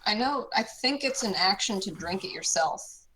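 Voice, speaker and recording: A woman's voice: medium pitch, animated, bright, forceful tone, slight background noise, low-quality recording. Young woman player, faint clicks behind. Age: young adult. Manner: chatty, quick to say 'like'. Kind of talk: casual tabletop role-play.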